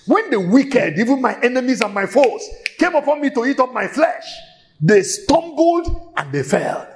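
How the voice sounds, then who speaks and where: Emphatic high-voiced male preacher. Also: sing-song. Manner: emphatic, repeats phrases for stress, drawn-out delivery. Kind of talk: sermon.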